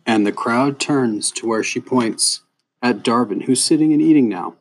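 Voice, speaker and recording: A man narrating a fantasy story in a measured, unhurried way. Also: mid-range voice. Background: soft guitar music.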